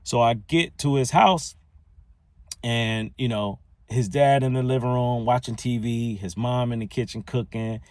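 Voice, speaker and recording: A man hosting a solo podcast, telling a personal story in a casual, conversational, animated way. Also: medium pitch, a little slow, no echo. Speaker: podcast host.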